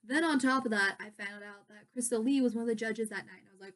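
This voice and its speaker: Young woman, pageant contestant, casual bedroom vlog; gushing, excitable, slightly high voice. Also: quick pace, few pauses. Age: young adult. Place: her bedroom.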